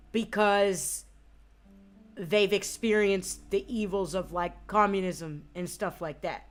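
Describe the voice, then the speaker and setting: A woman's voice: mid-range voice, a bit bright. A woman game streamer rambling casually while she plays, chatty and swearing freely. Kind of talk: casual gaming commentary.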